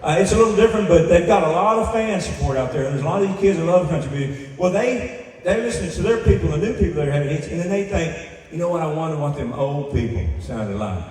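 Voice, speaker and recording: A man's voice: high voice, expressive, racing, a little mellow, a little hiss or hum. An older man telling rambling, self-interrupting jokes in a live stand-up set. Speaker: country singer doing stand-up between songs. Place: large indoor theater stage. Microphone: stage microphone through PA. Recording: echoey live hall recorded from far off. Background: audience laughter and music.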